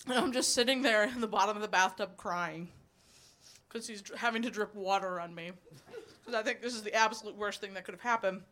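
A woman's voice: mid-range voice, brisk, a bit bright. A woman in her twenties performing a stand-up comedy set, telling blunt, profane stories, chuckling between lines and rambling with fillers when she loses her place.

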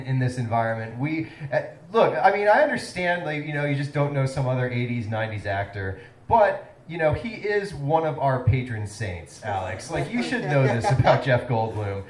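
A man hosting a comedy show as a mock town-meeting presentation, talking in a halting way full of fillers. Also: medium pitch, animated, echoey room, distant mic, slight background noise, rough recording. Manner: halting, filler-heavy delivery, breaking into laughter.

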